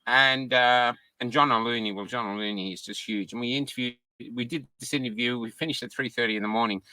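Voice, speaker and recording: A man's voice: medium pitch, steady tone, a little fast, sharp tone, dry recording, rough recording. A tired male host chatting and wrapping up a show, often stumbling and repeating words. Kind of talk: casual interview chat.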